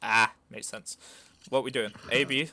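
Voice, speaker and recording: A man playing a shooter with friends, loud, crude and teasing in voice chat. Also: mid-range voice, steady tone, measured pace, crowd noise. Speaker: player and channel host. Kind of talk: gaming voice chat banter.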